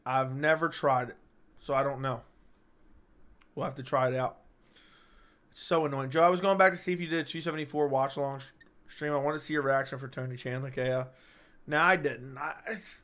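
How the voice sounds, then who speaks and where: A man's voice: medium pitch, a bit bright. A man hosting a casual live-stream chat, answering viewers while stuck with hiccups, stopping and restarting his sentences. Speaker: MMA channel host.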